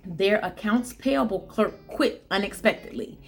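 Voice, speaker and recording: A woman's voice: mid-range voice, lively intonation, unhurried, few pauses, fairly bright tone, faint music behind. A woman vlogger telling a work story to her viewers, chatty and repetitive, calling them guys and y'all. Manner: chatty, repeats lines for emphasis, talks to "guys" and "y'all". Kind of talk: casual storytelling to camera.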